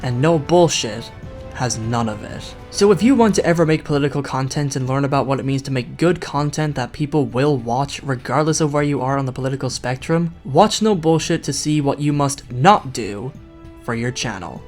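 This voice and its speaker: A man's voice: mid-range voice, expressive, normal speed, a little mellow, soft background music. A young man delivering a scripted video critique, sarcastic and mocking. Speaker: YouTube critic.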